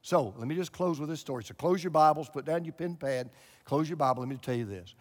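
A pastor in his sixties preaching a sermon to a church, swinging from loud exclamations to hushed low tones. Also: expressive, fast. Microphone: broadcast camera recording. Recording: long hall reverb.

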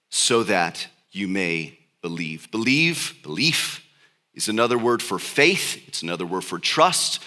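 A man preaching a sermon. He reads Bible verses aloud and then explains them, with sudden rises of emphasis. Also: medium pitch. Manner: reads scripture aloud slowly, then explains in lively speech.

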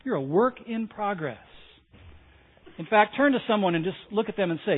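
Male pastor, sermon, emphatic, repeats key phrases, very high voice, phone-like sound. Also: animated, normal speed.

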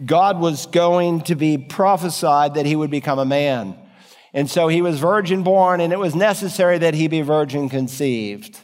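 A man delivering a sermon in a somewhat higher voice than most men. He preaches earnestly, stretching some phrases slowly and rushing others. His voice rings with the long reverb of a big hall. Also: darkish tone. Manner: earnest preaching with sweeping shifts in pace and emphasis. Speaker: pastor.

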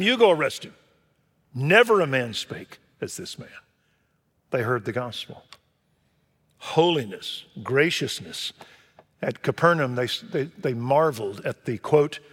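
A man's voice: medium pitch, long reverb tail. A man preaching a sermon, telling stories expressively and rising to emphatic peaks. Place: church sanctuary.

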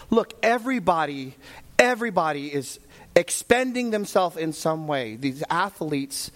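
Middle-aged male pastor, high voice, animated sermon storyteller who shouts for emphasis. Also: normal speed.

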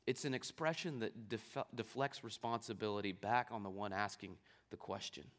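A man's voice: lowish voice, steady tone, normal speed, a bit bright. A man preaching a sermon, reading scripture aloud and explaining it, asking rhetorical questions along the way. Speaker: pastor.

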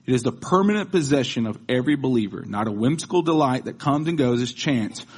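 Pastor, male, husky mid-range voice, casual talk building into rhythmic declarations. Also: mid-range voice, lively intonation, fast talker. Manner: conversational preaching that builds into rhythmic proclamation. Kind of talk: sermon.

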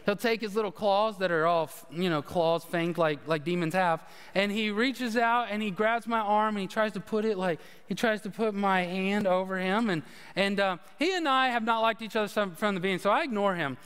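A man's voice: sits high, fairly quick, a bit bright, clear, resonant tone, big-room sound. A man, a pastor preaching a conversational sermon with humorous stories. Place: church sanctuary.

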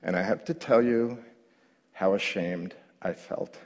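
Animated male pastor in a reverberant hall. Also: unhurried. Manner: animated storyteller who grows loud and high when reliving his own panic. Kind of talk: storytelling sermon.

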